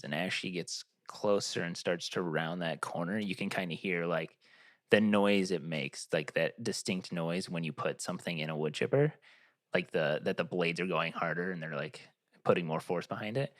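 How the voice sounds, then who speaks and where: A man with a low voice, recorded dry and close with no room sound. He co-hosts a movie podcast and talks through scenes in a laid-back, casual way. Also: no echo. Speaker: podcast co-host. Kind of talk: casual chat.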